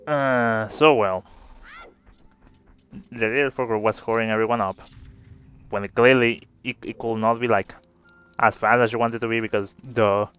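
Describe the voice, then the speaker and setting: A gameplay video creator tells a rambling, laid-back story as he plays, swearing now and then. His mid-range voice is steady, a bit bright, clear and resonant, a little slow with long pauses. The audio sounds slightly dull, with faint game music in the background.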